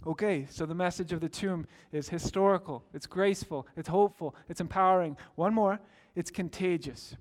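A man's voice: high-pitched, moderate pace, few pauses. A man preaching a sermon as pastor, earnest and storytelling, building to emphatic exclamations.

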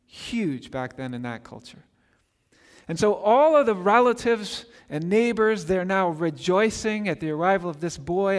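A man preaching a sermon as pastor, telling the story in a lively way and acting out the people he quotes. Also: fairly high pitch. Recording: long hall reverb.

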